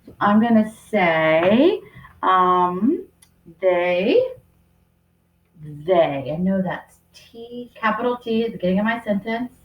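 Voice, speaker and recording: Woman teacher talking real slow to little kids, sounding out words, roomy echo on a computer mic. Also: medium pitch, very animated, dull audio. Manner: slow and deliberate, sounding out words while writing. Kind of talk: remote writing lesson for young children. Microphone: computer microphone.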